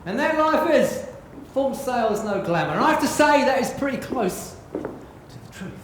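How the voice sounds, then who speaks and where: A man's voice: very high-pitched, sing-song, normal speed, slight background noise. A man playing a boisterous pirate captain on a theatre stage, singing and reciting rhyming verse to a live audience. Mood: earnest recital. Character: boisterous old-time pirate captain, male. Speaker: solo stage performer. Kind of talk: live theatre show with songs and poems. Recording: echoey live theatre with music.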